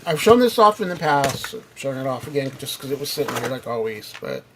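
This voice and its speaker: A man's voice: medium pitch, very animated, fast, heavy background noise. A man hosting a casual gaming chat, joking and putting questions to his co-hosts. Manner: joking, asks the others questions. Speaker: host.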